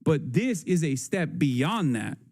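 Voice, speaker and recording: A man's voice: on the high side, big pitch swings, slow pace, a little mellow. A man hosting a livestream, talking in an emphatic, profane way and repeating his points. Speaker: livestream host. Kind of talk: casual livestream commentary.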